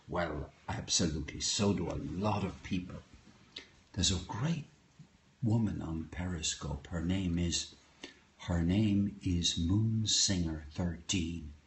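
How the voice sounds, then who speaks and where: A man chats casually to a live audience from his home kitchen, his voice very low and his pace unhurried. He greets viewers one by one and wanders a little as he talks. A faint hiss of background noise sits under the recording. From Ireland. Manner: greets viewers by name, rambling and hesitant. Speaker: host of a live poetry stream. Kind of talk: casual live-stream chat. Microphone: phone.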